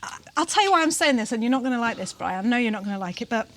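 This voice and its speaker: A woman's voice: on the high side, animated, very fast. A woman co-hosting a vlog in casual chat, teasing and laughing often as she talks, seated outdoors. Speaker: vlog co-host. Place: sitting outdoors.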